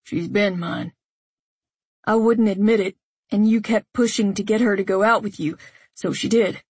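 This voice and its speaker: A woman's voice: mid-range voice, normal speed, darkish tone, breathy edge, dry recording, close to an everyday voice. A woman voicing a possessive young man who defiantly claims the girl.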